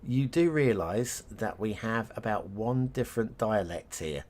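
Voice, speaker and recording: A middle-aged Englishman talks on a live stream in a low voice. He takes his time, drifting between thoughts in a rambling, self-mocking way. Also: animated, a little slow, a little mellow. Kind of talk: casual live-stream chat.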